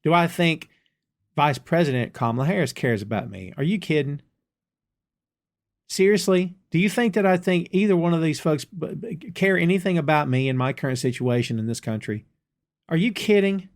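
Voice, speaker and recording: A man's voice: on the high side, lively intonation, moderate pace. A middle-aged man from the United States hosting a solo podcast, talking straight to his listeners in a folksy, exasperated way. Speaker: podcast host. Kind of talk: solo political commentary podcast.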